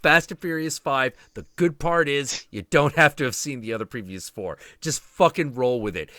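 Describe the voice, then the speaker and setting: A man with a bright, forward voice chats casually on a stream, swearing freely and laughing as he tells his story. The sound is close and dry, with no room around it. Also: mid-range voice, normal speed, few pauses, no echo. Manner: animated, profane, laughing storyteller. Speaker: stream host. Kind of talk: casual chat.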